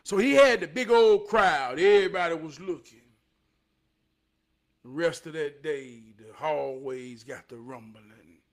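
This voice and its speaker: A man in his forties telling a neighborhood story from his youth, animated, swinging from loud bursts down to a hush. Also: on the high side, measured pace. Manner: animated, loud bursts, drops to hushed tones. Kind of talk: casual storytelling vlog.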